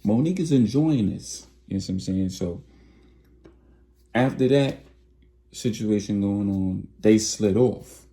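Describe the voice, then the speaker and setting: A man's voice: on the low side, measured pace, pauses often, warm tone. A man casually narrating a storytime in slangy, conversational talk, acting out the quotes.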